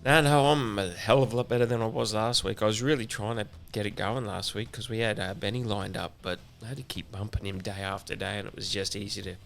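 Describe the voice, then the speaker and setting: A man's voice: fairly low pitch, fairly even intonation, quick pace, creaky, few pauses, fairly bright tone, faint music behind. A man co-hosting a podcast, laid-back and dry in casual banter. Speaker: podcast co-host.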